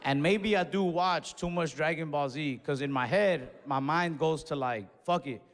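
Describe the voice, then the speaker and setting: A young man doing stand-up comedy, telling a story in casual slangy talk and breaking into loud acted-out yells. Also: fairly high pitch, moderate pace. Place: comedy stage in a large venue. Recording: live show in a reverberant hall with audience.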